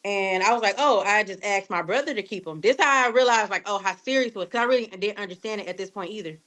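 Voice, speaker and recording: A woman's voice: medium pitch, quick pace, a bit bright. A woman in her thirties from Detroit, a podcast guest chatting casually, full of fillers and acted-out quotes. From Detroit, USA. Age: 30s. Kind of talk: casual chat.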